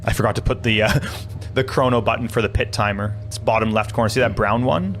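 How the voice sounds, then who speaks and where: A man's voice: mid-range voice, a little fast, over music. A man who races cars, explaining things to his viewers in a casual, chatty way while out of breath. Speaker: racing driver and channel host. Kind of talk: casual in-car commentary.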